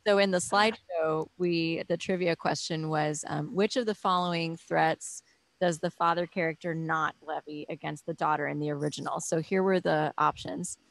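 Female host, measured reader on a video call; low pitch, dry. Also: fairly even intonation, gravelly, no room sound, poor audio. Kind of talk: reading trivia options on a video call.

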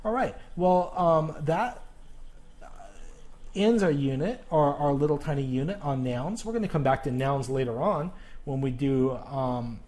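A male teacher talks through a recorded grammar lesson in a warm, mellow voice. He speaks haltingly, restarting sentences and filling pauses with "um" and "uh" as he explains. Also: fairly high pitch. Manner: halting, with many fillers and restarts.

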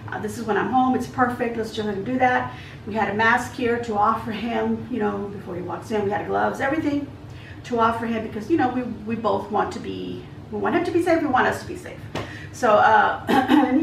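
A woman's voice: a little high, distant mic, slight background noise. A woman telling a long story in a chatty, rambling way while she cooks at home. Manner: chatty, rambling with many asides. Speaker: vlogger. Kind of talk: casual storytelling while cooking. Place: home kitchen. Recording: echoey kitchen, voice from off-mic.

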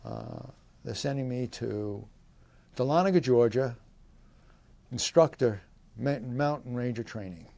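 A man's voice: medium pitch, expressive, unhurried, creaky, long pauses, mellow, no echo. A man in his eighties, a veteran, recalling his service in an oral history interview, rambling with fillers and short laughs. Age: 80s. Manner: voices quoted people in livelier tones.

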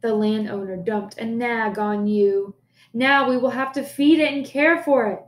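Woman doing a sharp-tongued farmer's wife, scolding, high voice, echoey room. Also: unhurried, close to an everyday voice.

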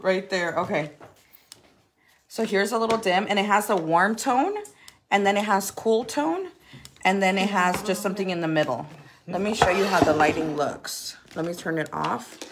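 A bubbly woman talks loosely through a makeup product showcase at home, her voice sitting at an ordinary middle pitch. She laughs easily, throws in playful swearing and leans on lots of "um"s. A faint hiss runs under her voice. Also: normal speed. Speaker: makeup influencer selling a product. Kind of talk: casual live product chat.

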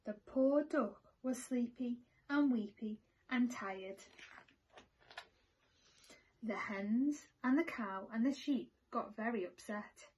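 A woman teacher reading a picture book aloud to children in a slow, expressive storytelling manner. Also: fairly high pitch, slightly rough.

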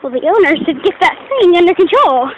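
Young female vlogger, high and bouncy, rambling and chatty, noisy handheld recording. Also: big pitch swings, brisk, narrow, tinny audio. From United States. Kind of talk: casual vlog chatter.

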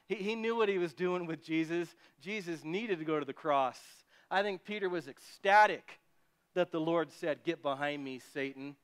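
A man preaching a sermon as pastor, animated, often acting out the voices of people he quotes. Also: fairly high pitch, moderate pace, smooth.

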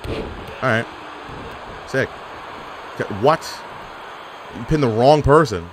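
A young man giving sarcastic, animated trash-talk commentary over his own online wrestling game. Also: medium pitch, slow, a little hiss or hum. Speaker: gaming YouTuber. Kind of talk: live gameplay commentary.

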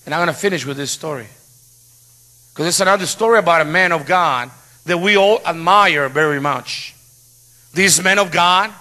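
A middle-aged male pastor telling stories in a sermon, animated with playful asides. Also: sits high. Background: piano music.

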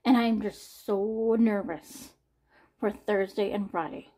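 A woman in her forties talking candidly in a personal vlog. She sounds anxious and near tears, and her speech is halting, with sighs, swearing and repeated words. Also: medium pitch, steady tone, dark tone. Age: 40s. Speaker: vlogger.

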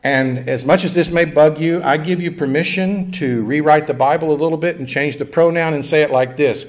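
A man's voice: a little high, brisk. A male pastor giving a conversational sermon in a church, with jokes and call-and-response with the congregation. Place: church sanctuary.

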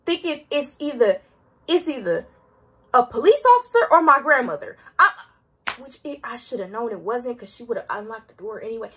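A teenage girl tells a storytime in a high, bright voice that is full of expression. Her delivery is dramatic and slangy, with big swings in pitch. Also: slight background noise. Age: teens. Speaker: vlogger. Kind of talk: storytime vlog.

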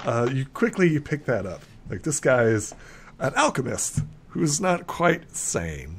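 Dude running a d&d game, rambles a lot with like and uh, average voice. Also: male voice, mid-range voice, sing-song, unhurried, slightly rough. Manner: rambling, many fillers and "like". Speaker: game master. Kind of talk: narrating a tabletop game.

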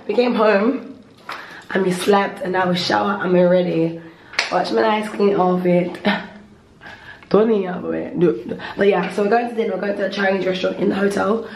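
A woman's voice: mid-range voice, a little mellow. Young woman vlogging, chatty, laughs a lot, roomy echo. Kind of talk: casual travel vlog chat. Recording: echoey room, faint noise.

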